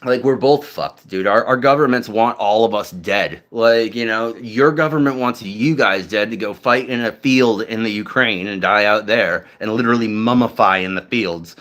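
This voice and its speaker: A man's voice: lowish voice, normal speed, hardly any pauses, fairly bright tone. A young man from New England chatting casually with his viewers, rambling and swearing, with many fillers. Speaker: streamer.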